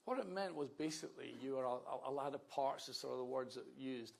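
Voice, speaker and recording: A man's voice: mid-range voice, brisk, gravelly. A Scottish man in his fifties giving an anecdotal public talk about his life, conversational with wry asides. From Scotland. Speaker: speaker telling his life story.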